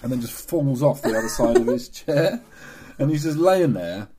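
A man's voice: medium pitch, animated, normal speed, dark tone. A man from England, a podcast co-host, telling stories in casual chat, swearing and laughing often.

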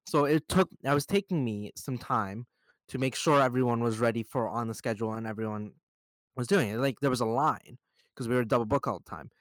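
A man's voice: mid-range voice, a little fast, no echo. Young man telling profane stories. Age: young adult. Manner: profane, animated storytelling. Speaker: podcast host. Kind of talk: casual chat.

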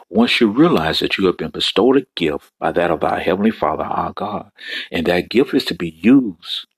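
A man's voice: low voice, husky, no echo. A male preacher delivering a fervent sermon, repeating phrases and breaking into exclamations.

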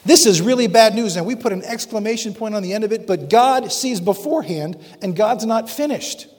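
A man preaching a sermon dramatically, slowing down for emphasis. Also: sits high, expressive, a little mellow. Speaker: pastor. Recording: long reverb of a large hall.

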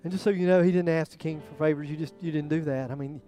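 A man preaching a sermon, acting out quoted prayers, shifting from loud bursts to near whispers. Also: on the high side, fairly even intonation, quick pace, soft background music. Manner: dramatic, acts out biblical quotes with swings in loudness. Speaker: pastor.

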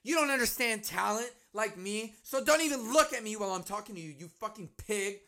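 A man's voice: high-pitched, lively intonation, a little fast, bright, forceful tone, exaggerated voice. A man doing a haughty abusive TV host lady. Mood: mock-sweet, contemptuous. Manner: snide, contemptuous, mock-sweet then berating. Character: impression of a famous TV host woman, haughty, abusive boss.

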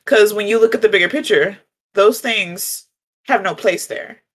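A woman co-hosting a casual spiritual chat, talking in a gentle, reflective way and laughing often. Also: mid-range voice, normal speed. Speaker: podcast co-host.

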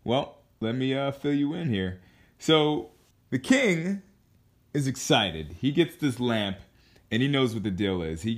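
Young man telling a rambling story. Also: lowish voice. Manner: rambling, many fillers and restarts, laughs at his own jokes. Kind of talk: casual storytelling.

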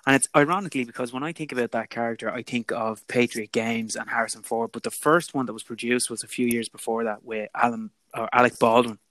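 A man's voice: mid-range voice, fast, hardly any pauses, no room sound. A man, chatting animatedly about films as a podcast co-host. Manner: animated, chatty, Irish turns of phrase. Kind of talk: casual film chat. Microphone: remote call mic.

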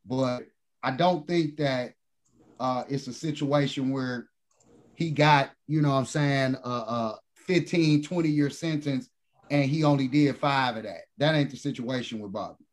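A man co-hosting a podcast in casual chat, slangy and animated, calling everyone "bro". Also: mid-range voice, measured pace. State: smoking while talking. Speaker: podcast co-host.

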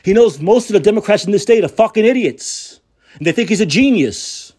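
A male talk show host tearing into a political monologue, his husky voice swinging from high outbursts down into low mutters. He rants with sarcasm and a steady stream of profanity, and he sounds plainly angry. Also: a little fast.

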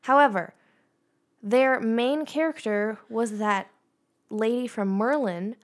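A young woman co-hosting a podcast, telling an animated, mocking rant in casual chat. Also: fairly high pitch, slow. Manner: ranting, mocking, animated retelling. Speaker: podcast co-host.

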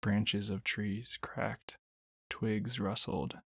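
A man narrating a children's storybook at a steady, measured pace. His low voice is gravelly and husky, and the recording is dry and close with no room sound. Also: no echo. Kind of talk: storybook reading.

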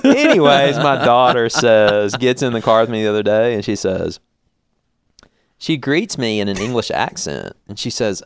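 Gravelly-voiced man in his forties. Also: mid-range voice, moderate pace, dry recording. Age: 40s. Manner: jokey, laughing, animated storyteller. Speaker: podcast co-host. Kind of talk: casual church podcast chat.

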